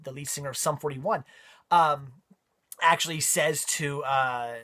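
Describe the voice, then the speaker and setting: A man's voice: a little high, steady tone, unhurried, bright, forceful tone. A man giving a casual spoken movie review, rambling with frequent ums and repeated words.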